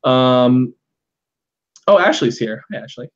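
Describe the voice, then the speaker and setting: Over a video call, a man hosts a live fan recap in a casual, rambling live-stream chat packed with ums and uhs and frequent laughter. His medium-pitched voice has lively intonation and a slow pace, and the audio sounds dull.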